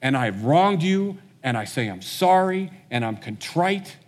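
A man preaching a sermon, retelling a story in a relaxed conversational way and acting out the characters' lines. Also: fairly high pitch, unhurried, big-room sound. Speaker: pastor.

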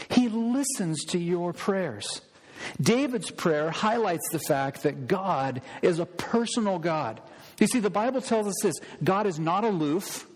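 Man preaching, fairly high voice, emphatic, big echoey church. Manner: emphatic, repeats words when stressing a point. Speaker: pastor. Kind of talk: sermon. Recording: long reverb of a large hall.

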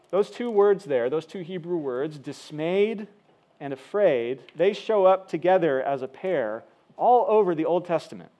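A man's voice: on the high side, lively intonation, moderate pace, warm tone. Man preaching in a conversational, explaining way. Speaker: pastor. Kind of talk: sermon.

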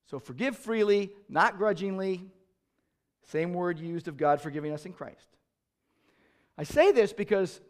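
A male pastor preaching a sermon, repeating key phrases and building to passionate peaks. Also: high voice.

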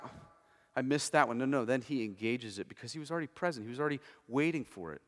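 A man preaching a sermon as pastor, conversational, moving between hushed and emphatic. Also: mid-range voice, fast talker, big-room sound.

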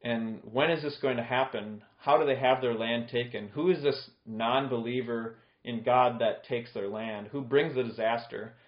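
A man's voice: mid-range voice, steady tone, moderate pace, hardly any pauses. A male pastor giving an expository sermon in a conversational way, explaining scripture with plain everyday examples. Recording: echoey room, dull lo-fi sound.

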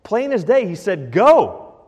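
A man's voice: mid-range voice, lively intonation, moderate pace, long reverb tail, close to an everyday voice. A man playing a rattled herdsman, folksy. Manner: folksy, breathless storytelling. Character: rattled male herdsman telling a wild story.

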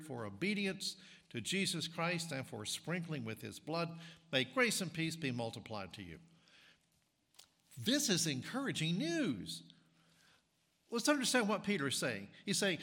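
A man preaching a sermon as pastor, talking in a conversational, halting way with frequent restarts and fillers. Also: mid-range voice, creaky, sharp tone, in a large hall. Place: church sanctuary.

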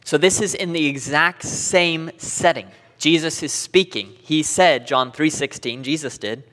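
A man teaching a Bible class lesson, animated, reading scripture aloud with dramatic emphasis and small laughs. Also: on the high side, unhurried. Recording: long reverb of a hall.

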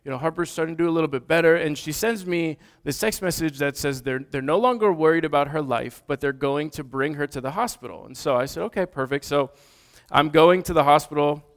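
A man in his thirties preaching, telling a personal story in a lively way with sudden loud bursts. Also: a little high, fairly quick. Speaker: pastor. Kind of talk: storytelling sermon.

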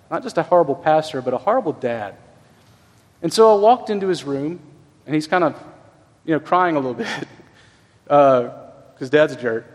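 A middle-aged male pastor preaching with an earnest, conversational warmth of storytelling and emphatic pauses. His voice sits high for a man. The sound rings with the long reverb of a big hall. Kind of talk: sermon.

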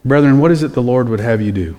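A man's voice: mid-range voice, fast talker, mellow, in a large hall. A man preaching a sermon as pastor, in a conversational way full of rhetorical questions.

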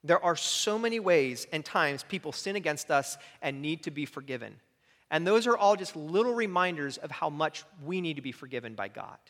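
A man's voice: a little high, lively intonation, moderate pace, a bit bright. Earnest male preacher in a reverberant church. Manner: earnest, conversational preaching with frequent "right?" asides. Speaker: pastor. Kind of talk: sermon. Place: church sanctuary. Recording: long hall reverb.

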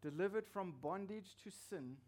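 A male pastor preaches a sermon in a fairly high, darkish voice at normal speed. He presses his points with emphasis and repeats key phrases to drive them home.

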